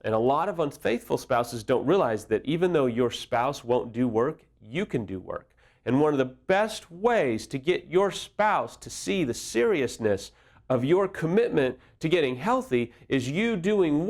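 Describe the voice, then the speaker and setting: A man's voice: a little high, very animated, normal speed, a little mellow. A man speaking as an affair recovery counselor, giving earnest, direct advice in a conversational way and drawing on personal stories. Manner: earnest, personal and direct, illustrates points with anecdotes.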